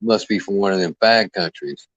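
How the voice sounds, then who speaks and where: A very deep-voiced man hosts a livestream and trades crude insults in a brash, mocking drawl. The sound is dry and a little dull, like a cheap mic close up. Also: moderate pace, a bit bright, no echo. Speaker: livestream host. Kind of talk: crude trash-talking livestream chat.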